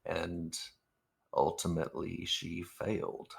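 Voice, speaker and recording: A man voicing a gruff, wary old ex-soldier who calls people son. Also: low voice, monotone, slow pace, exaggerated voice. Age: older (figure).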